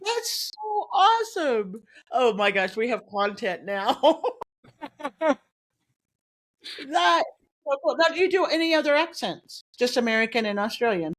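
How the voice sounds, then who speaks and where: A woman's voice: high voice, sing-song, a little slow, pauses often, a bit bright. Woman interviewer, upbeat and gushing, casual chat. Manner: enthusiastic, effusive praise. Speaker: host, interviewer.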